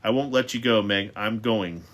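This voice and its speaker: A man reading the part of a worried, gentle and protective father, speaking earnestly. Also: on the low side, moderate pace, lightly acted. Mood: tender.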